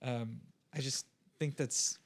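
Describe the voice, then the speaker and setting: Podcast co-host, young adult male, mid-pitched, casual and rambling with many fillers. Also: fairly even intonation, takes it slowly. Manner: rambling, full of fillers and restarts. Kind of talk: casual chat.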